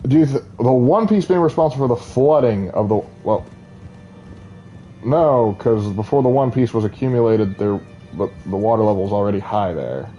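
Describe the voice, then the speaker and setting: A man streaming a game, chatting casually and rambling with hesitant pauses. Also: medium pitch, mellow, soft background music, low-quality recording. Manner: rambling, hesitant with many uhs. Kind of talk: casual chat.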